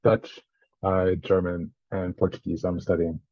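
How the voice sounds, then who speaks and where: Low-voiced man, slight French-tinged accent. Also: a little slow, dry recording, muffled recording. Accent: slightly French-tinged mix. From Central Virginia, USA. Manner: laughs often, relaxed, swears casually. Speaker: podcast guest. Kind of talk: casual interview chat.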